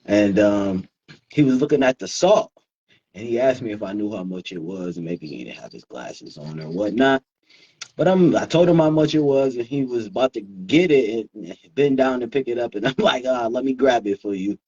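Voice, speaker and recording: A man co-hosting a casual chat show, telling stories in a relaxed way with lots of fillers and laughs. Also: medium pitch, moderate pace, husky, lo-fi sound. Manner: relaxed storytelling, laughs often, many fillers. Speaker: co-host.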